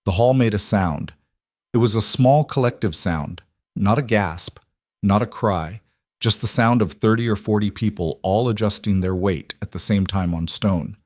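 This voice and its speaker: A male audiobook narrator telling a fantasy romance in a calm, measured way. His voice is somewhat low. The recording is dry and close with no room sound. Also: no echo.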